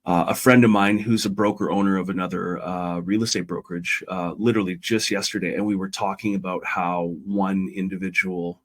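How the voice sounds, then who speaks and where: A man's voice: deep voice, level tone, fairly quick, few pauses. A middle-aged man, a podcast guest, talking earnestly and retelling a parable in a conversational way. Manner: retells a parable, voicing characters lightly.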